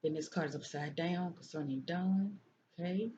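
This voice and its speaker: A psychic reader with a warm, mid-range voice works through tarot cards at a normal speed in a casual reading. Phrases get repeated and "okay?" comes up often as a check-in, all on a dull lo-fi recording with faint noise.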